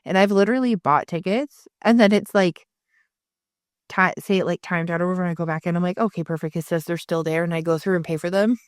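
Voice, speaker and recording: A woman's voice: fairly low pitch, fast talker, no room sound, clean studio sound. A woman co-hosting a podcast, chatting casually in rambling tangents and swearing freely. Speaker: podcast co-host. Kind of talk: casual chat.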